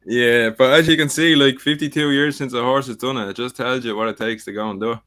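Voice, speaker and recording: A man's voice: mid-range voice, fairly even intonation, fast, a bit bright. A man, a podcast co-host, talking up a favourite horse with earnest enthusiasm. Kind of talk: casual betting chat.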